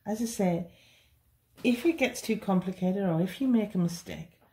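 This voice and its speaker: A woman's voice: medium pitch, normal speed, dark tone. A woman teaching a beginners' cake decorating tutorial, chatty and reassuring. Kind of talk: hands-on baking tutorial.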